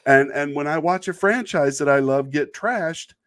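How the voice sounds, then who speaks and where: His voice a little high and fairly bright, a middle-aged man speaks at normal speed as he hosts a casual video talk. He rambles about online commenters, wryly exasperated, now and then laughing at his own remarks.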